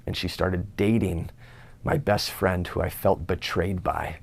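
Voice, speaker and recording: Gravelly young man telling his story. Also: low-pitched, flat delivery, measured pace, a little hiss or hum. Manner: earnest storyteller, acts out his own inner thoughts. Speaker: speaker giving a personal testimony. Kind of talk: personal testimony talk.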